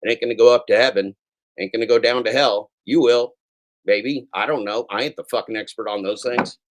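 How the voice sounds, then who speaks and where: A man hosting a daily show in a casual, profane rant, swinging between yelling and soft apologies. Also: medium pitch, fairly even intonation, brisk.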